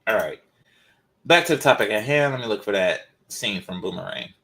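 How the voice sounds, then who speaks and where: A man's voice: lowish voice, animated, moderate pace, creaky, a bit bright. A man hosting his channel, talking through a topic in loose, rambling casual commentary with many fillers, his voice a little congested from a developing cold. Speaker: channel host.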